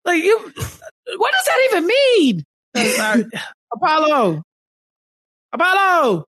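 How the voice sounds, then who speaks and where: High-voiced podcast lady getting loud and exasperated, very emphatic. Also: wildly swooping pitch, measured pace, rough recording. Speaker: podcast co-host. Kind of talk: casual wrestling podcast chat.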